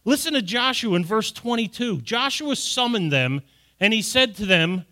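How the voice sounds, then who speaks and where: Middle-aged guy preaching, bright forceful voice, a bit high, reads scripture then drives points home. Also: lively intonation, moderate pace. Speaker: pastor. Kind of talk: sermon.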